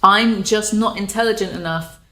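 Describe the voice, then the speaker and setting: A woman's voice: mid-range voice, normal speed. Sarcastic British woman in an echoey room. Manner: sarcastic, animated, swears freely. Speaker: commentary YouTuber. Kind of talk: casual commentary.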